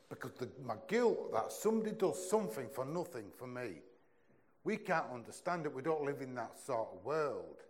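A young man delivers a sermon in a chatty, earnest way. His voice sits at an ordinary mid-range pitch and often sinks low and soft when he presses a point home. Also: sing-song, normal speed. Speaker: preacher.

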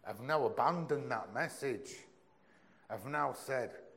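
A young man preaches a sermon in an earnest, conversational style, frequently dropping into a low, soft voice.

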